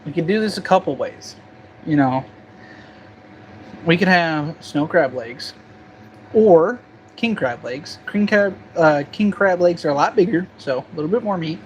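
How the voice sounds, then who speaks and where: A man's voice: fairly high pitch, lively intonation, unhurried, pauses often, a little hiss or hum. Laid-back young guy chatting while eating. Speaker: gun channel host. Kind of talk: casual cooking vlog chat.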